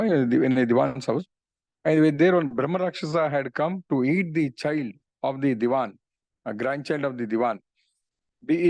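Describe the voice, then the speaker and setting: A man's voice: fairly high pitch, darkish tone, no room sound. Earnest man telling devotional stories. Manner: earnest, retells stories with frequent "you know". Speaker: speaker on religious philosophy. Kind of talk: devotional storytelling talk.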